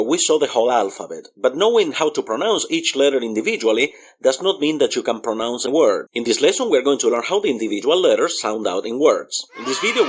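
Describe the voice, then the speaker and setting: Husky man teaching pronunciation. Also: mid-range voice. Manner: models each sound slowly, repeating example words. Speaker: Spanish teacher. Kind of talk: video language lesson.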